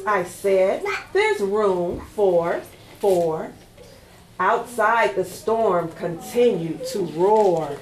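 At a library storytime, a woman with a medium-pitched voice reads a picture book aloud in a sing-song, animated way, coaxing the children to join in. The room is echoey and there's background noise.

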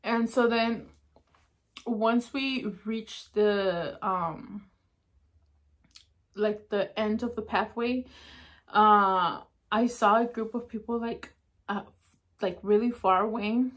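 A woman hosting an eating show, telling a spooky story in a casual, chatty way, using "like" constantly and dropping to a hush at the eerie parts. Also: mid-range voice, slow pace, pauses often. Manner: chatty, heavy use of "like" fillers; drops to a hushed tone at eerie moments. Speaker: mukbang host.

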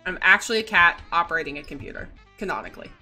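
Giggly woman streamer, bright voice with a lot of swing, faint music behind. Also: fairly low pitch, expressive, racing. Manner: playful, giggly, reads chat aloud. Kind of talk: casual livestream chat.

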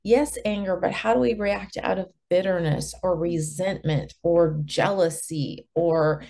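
Earnest, low-voiced middle-aged woman. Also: fairly even intonation, creaky, dark tone. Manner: reflective, earnest, deliberate. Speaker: guest, martial arts master and author. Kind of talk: conversational podcast interview.

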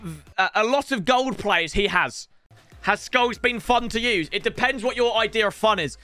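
A young man commentating live on his football video game, excitable and jokey, often shouting at the play. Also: sits high, moderate pace, no echo, faint music behind. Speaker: gaming streamer.

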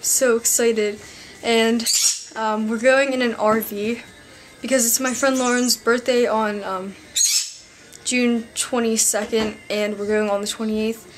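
A teenage girl in her bedroom, chatting to her camera in a rambling, excitable vlog while out of breath. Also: on the high side, a little slow, music in the background. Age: teens. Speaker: vlogger. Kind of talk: casual vlog chat.

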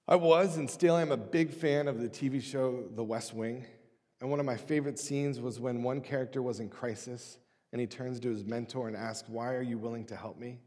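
A man preaching a sermon as pastor, with a measured delivery that reads scripture aloud deliberately. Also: medium pitch, mellow. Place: church sanctuary. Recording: long church-hall reverb.

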